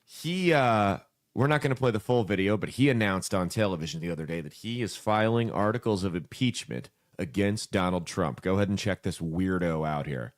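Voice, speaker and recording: A man's voice: sits low, lively intonation, fairly quick. Brash, crude-joking male podcast host. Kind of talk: casual podcast chat.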